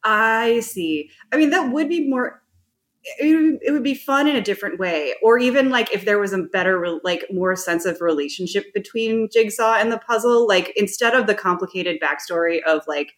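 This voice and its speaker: Woman on a podcast, mid-pitched, wry, laughs a lot, lots of ums. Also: moderate pace. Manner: wry, laughs often, hedges with fillers. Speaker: podcast co-host. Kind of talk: casual chat.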